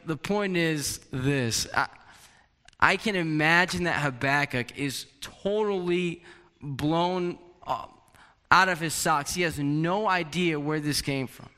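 A man preaching a sermon, animated, sometimes acting out a prophet's anguished questions. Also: on the high side, clear, resonant tone. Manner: animated, acts out Habakkuk's questions. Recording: long hall reverb.

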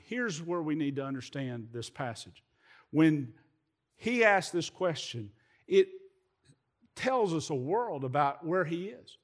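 Pastor preaching, a bit high-pitched, repeats himself a lot, chatty asides to the crowd. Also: male voice. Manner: animated preaching, repeats words, folksy asides to the congregation. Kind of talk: sermon.

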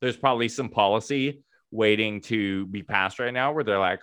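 Young man, podcast co-host, deeper voice, blunt deadpan sarcasm, dry close recording. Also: normal speed, clear, resonant tone, no echo. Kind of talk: casual chat.

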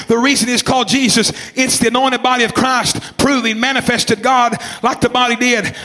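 A man in his twenties preaching a fervent sermon, repeating phrases, shouting some lines and calling on listeners by name. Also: extremely high pitch, little pitch movement, normal speed, few pauses. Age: 20s. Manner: calls out congregation members by name.

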